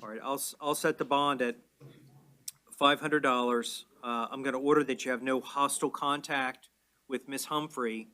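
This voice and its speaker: A man presiding as judge in a courtroom, explaining orders in a measured, plain way. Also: medium pitch, steady tone, sharp tone. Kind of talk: courtroom proceedings.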